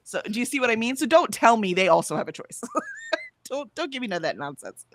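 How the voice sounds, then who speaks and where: A woman's voice: a little high, huge pitch swings, brisk, fairly bright tone, dry recording. A woman co-hosting a casual livestream, chatting emphatically, laughing easily, and reading out viewer comments. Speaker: livestream co-host.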